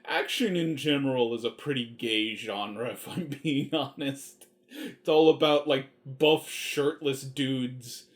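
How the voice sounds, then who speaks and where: Guy rambling about an old action flick, excited, swears a lot, mid pitch. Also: slow. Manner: rambling and enthusiastic, swears freely. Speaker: movie reviewer. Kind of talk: casual movie review chat.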